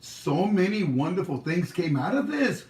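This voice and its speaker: Rambling man with a lively voice. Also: high voice, moderate pace, a little hiss or hum. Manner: rambling, jokey, animated. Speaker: livestream host. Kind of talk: rambling casual commentary. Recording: echoey room, far from mic.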